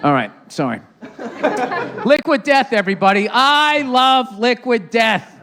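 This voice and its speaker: A male comedian on stage at a live taping, throwing out sarcastic, profane asides and needling the crowd. His voice sits high for a man. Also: sing-song, a little slow. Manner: sarcastic, profane, riffing with the audience. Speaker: comedian host of a podcast. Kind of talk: live stand-up podcast taping with crowd work.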